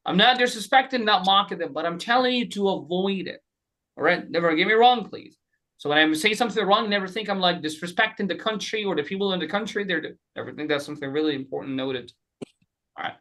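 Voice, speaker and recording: Man, online class teacher, bright tone, animated, repeats letters slowly, webcam. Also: high-pitched. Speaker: Quran recitation teacher.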